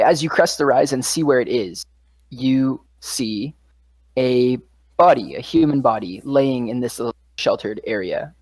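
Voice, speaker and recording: A woman's voice: extremely low pitch, darkish tone, no echo, low-quality recording. Casual woman narrating a tabletop game. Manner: casual, lots of "like" and "uh". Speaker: dungeon master.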